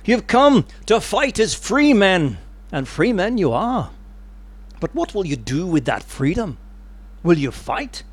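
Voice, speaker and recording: A man putting on a rough Scottish accent to voice a fierce rebel leader giving a rousing battle speech to his army. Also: sits high, sing-song, slow, exaggerated voice. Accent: Scottish, put on badly.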